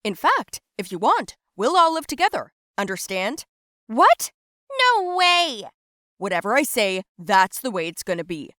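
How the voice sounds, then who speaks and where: A woman plays a furious middle-aged father in an animated storybook, barking out ultimatums in a stern, unbending way. The voice sits at an ordinary middle pitch and sounds dry and close, with no room around it. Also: normal speed, few pauses, no echo. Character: angry middle-aged father laying down the law.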